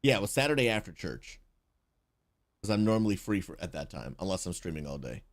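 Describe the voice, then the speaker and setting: An excitable man streaming a casual reaction, talking to his viewers like old friends with bro and dude. His voice sits low but swings widely up and down as he gets worked up. He is a pastor chatting from his streaming setup. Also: fairly quick. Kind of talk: casual livestream reaction chat.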